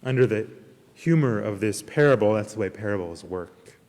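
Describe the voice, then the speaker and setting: A man preaching a sermon as minister, earnest and emphatic, with slow deliberate pauses. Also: lowish voice. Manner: earnest preaching, slow emphatic pauses, retells a parable with lively character voices. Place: church service streamed online. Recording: long hall reverb.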